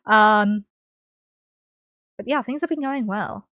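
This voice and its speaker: Woman streamer from the UK, casual rambling chat to viewers, repeats herself a lot, dry close desk mic, mid-pitched. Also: slow pace, a bit bright, no echo, muffled recording. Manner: chatty, rambling, with many ums and repeats.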